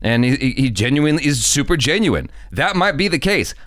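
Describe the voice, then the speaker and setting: A man's voice: medium pitch, sing-song, a little fast, fairly bright tone, no echo, clean studio sound. A man co-hosting a reaction show, chatting casually in a rambling way, swearing and laughing often.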